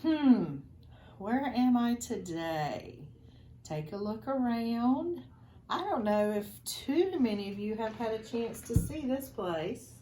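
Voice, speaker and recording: A woman reading a picture book aloud to schoolchildren in a school office, chatty and expressive. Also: on the high side, takes it slowly, a little hiss or hum.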